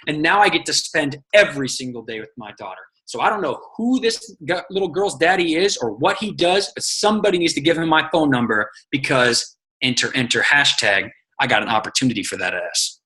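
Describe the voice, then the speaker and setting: A man coaching his team in casual, energetic talk, telling stories, acting out quotes and swearing freely. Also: on the high side, fairly quick, hardly any pauses, rough recording. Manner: energetic, profane, storytelling with acted quotes. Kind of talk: casual motivational teaching.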